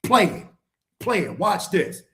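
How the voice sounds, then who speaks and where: Forceful, high-voiced middle-aged man lecturing. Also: sing-song, slow pace. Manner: forceful, lecturing, repeats phrases for emphasis. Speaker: guest speaker on a live stream. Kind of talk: heated live-stream debate talk.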